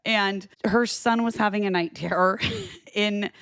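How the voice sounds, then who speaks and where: A young adult woman, a podcast co-host, giggling and animated as she retells scenes during a casual watch-party chat. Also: medium pitch, a little slow, clean tone, no room sound.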